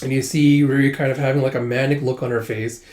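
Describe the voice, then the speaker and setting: A man's voice: mid-range voice, level tone, fast talker, darkish tone. A man casually recapping a manga story as host, with frequent fillers. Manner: retells with frequent 'it's like' and 'uh' fillers. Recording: roomy echo.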